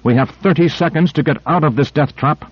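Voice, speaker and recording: A man's voice: fairly high pitch, a little fast, slightly rough, no echo, voice pushed up. A man reading an audiobook voices a tense male expedition leader, barking urgent orders in a raised voice, on a dull lo-fi recording.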